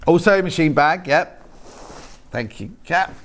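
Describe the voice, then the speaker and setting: On a live shopping channel, a man calls out fabric prices with chatty, joking sales patter and banters with the crew off camera. His voice is a little high and a bit bright, lively but unhurried.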